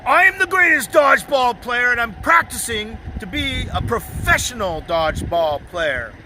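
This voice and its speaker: A man putting on a mocking voice of a loud, boastful man who claims to know everything, shouting and whining. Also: very high voice, lively intonation, measured pace, background noise.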